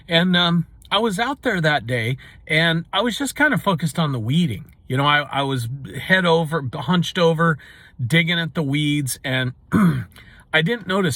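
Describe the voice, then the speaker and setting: A man with a fairly high, very animated voice tells a personal story in a relaxed, folksy ramble. He keeps dropping in casual asides, and the sound is close and dry, with no room around it. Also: no room sound. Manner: folksy and rambling, full of "you know" asides. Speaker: storyteller and channel host.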